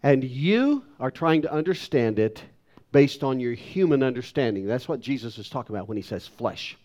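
A man's voice: medium pitch, animated, normal speed, darkish tone, lo-fi sound. A man in his sixties preaching a sermon with emphatic delivery and self-deprecating asides. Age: 60s. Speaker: pastor.

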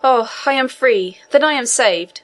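A woman's voice: high voice, measured pace, pitched above the performer's own voice. A woman reading as Dantès, pleading young prisoner. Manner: earnest, imploring. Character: young male sailor prisoner, desperate and pleading.

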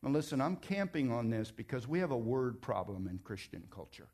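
A man's voice: mid-range voice, a little fast. A man preaching a sermon as pastor, emphatic and conversational, telling stories and joking with his congregation. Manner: animated storytelling, emphatic.

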